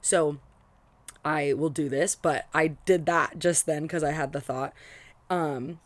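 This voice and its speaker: A woman's voice: sits low, steady tone, slow pace, no echo. A young woman chatting casually about a book she is reading, rambling with lots of fillers and restarts. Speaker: book vlogger. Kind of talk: casual book reaction chat.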